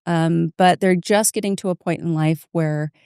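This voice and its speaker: A woman's voice: lowish voice, steady tone, normal speed, a little mellow, clean tone, dry recording, clean studio sound. A woman nurse midwife co-hosting a health podcast, speaking earnestly and frankly about her practice. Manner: earnest, frank clinical opinions. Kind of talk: casual medical podcast chat.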